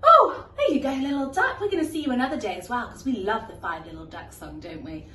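A woman's voice: on the high side, expressive, fast talker, recorded from a distance, a little hiss or hum. A woman teaching music to young children, singing nursery songs in an encouraging, sing-song way. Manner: sing-song, encouraging, soft whispering at the end. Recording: echoey room, voice from the mic.

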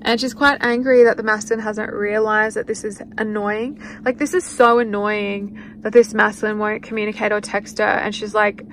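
A woman's voice: mid-range voice, normal speed, fairly bright tone, slight background noise, poor audio. Chatty woman giving a card reading. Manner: chatty, speaks in quoted inner voices. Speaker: tarot card reader. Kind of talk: spiritual card reading monologue.

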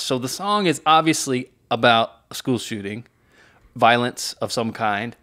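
Middle-aged male pastor, casual reaction host, medium pitch, talks through lyrics with lots of fillers. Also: expressive, a little slow, fairly bright tone. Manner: analytical, reads lyrics aloud and explains them, many fillers and restarts.

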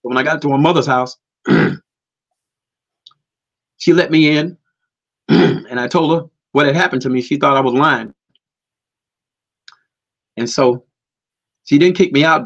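A man's voice: mid-range voice, vocal fry, a bit bright, highs cut off. A man giving an earnest, emphatic conversational testimony.

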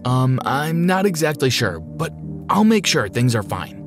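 A man's voice: mid-range voice, sing-song, unhurried, music in the background, voice pushed up. A man doing a worried, reassuring dad. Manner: hesitant, reassuring. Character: worried but reassuring father.

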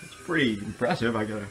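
A man's voice: lowish voice, a bit bright, low-quality recording. A man who makes art and protests, talking casually and swearing when angry. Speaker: artist and protester. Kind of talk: casual banter and confrontational protest footage.

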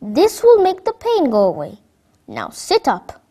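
A woman voicing a patient doctor who slowly explains hygiene to children in a storybook. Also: high-pitched, huge pitch swings, dark tone, exaggerated voice. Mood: instructive. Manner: slow, instructive. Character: patient, kind doctor giving advice.

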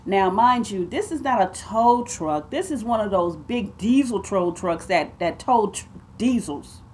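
A woman tells a story straight to her viewers. Her voice sits at an ordinary middle pitch, and she talks in an animated, emphatic way, calling them y'all and babe. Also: measured pace, slight background noise. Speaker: vlogger.

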